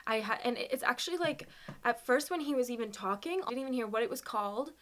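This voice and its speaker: A young woman vlogger telling a personal story, halting and close to tears, with many fillers and nervous laughs. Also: on the high side, fairly bright tone, slight background noise. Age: young adult.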